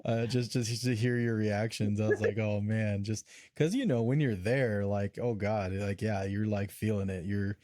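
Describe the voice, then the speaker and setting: Relaxed deep-voiced male podcast host. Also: moderate pace, few pauses, no echo, clean studio sound. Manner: relaxed, rambling, many fillers. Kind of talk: casual group chat.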